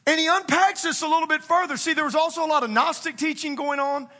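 A male pastor preaching a sermon with fervent emphasis, swinging from near-shouts to hushed, quiet appeals. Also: very high-pitched, quick pace.

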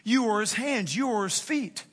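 A male pastor preaching a sermon with fervent emphasis, swinging from near-shouts to hushed, quiet appeals. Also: sits high, animated, normal speed, slightly rough.

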